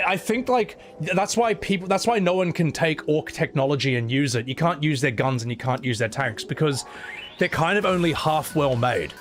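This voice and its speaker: A young man hosting a live stream in an easygoing way, laughing and swearing as he talks. His voice sits a little high and swings widely in pitch. Soft music plays quietly behind him. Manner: animated, laughing, swearing, self-mocking. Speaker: streamer and host. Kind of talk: casual live-stream chat.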